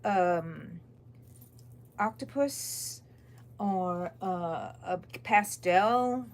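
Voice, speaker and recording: Fairly low-pitched with vocal fry, her expressive voice moves very slowly as this tired, yawning Texan woman crochets on stream and rambles about viewer comments. The audio carries a little hiss or hum.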